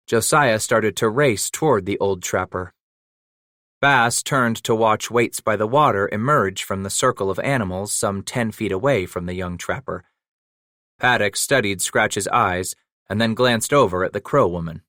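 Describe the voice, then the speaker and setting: A man's voice: fairly low pitch, normal speed, a bit bright, dry recording. Man narrating, dry and close. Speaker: audiobook narrator. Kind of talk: scripted narration. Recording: dry close studio recording.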